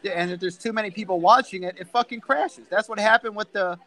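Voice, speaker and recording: A man's voice: high-pitched, a little fast, sharp tone. A man in casual podcast chat, complaining bluntly and with swearing. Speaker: podcast co-host.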